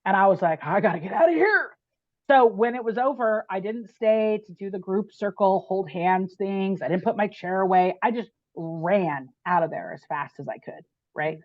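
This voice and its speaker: A woman guest on a podcast telling a personal story in an animated, chatty way, with frequent "like" and "right?". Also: medium pitch, moderate pace, hardly any pauses, dry recording, dull audio.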